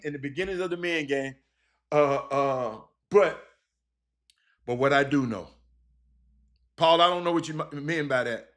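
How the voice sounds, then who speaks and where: Middle-aged guy hosting a sports stream, rambly, lots of uhs and restarts, gets animated. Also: on the high side, moderate pace. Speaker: sports broadcaster and show host. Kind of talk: casual live-stream chat with viewers.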